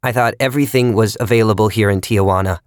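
A man voicing a sullen, wary male factory technician who mumbles his replies flatly. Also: fairly low pitch, fast talker, no room sound, clean studio sound, natural voice. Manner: mumbling, flat and suspicious.

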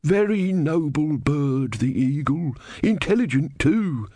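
A man's voice: on the high side, lively intonation, slow, mellow, slight background noise, pitched above the performer's own voice. A man voicing a boring, know-it-all elderly man with a droning, unstoppable voice.

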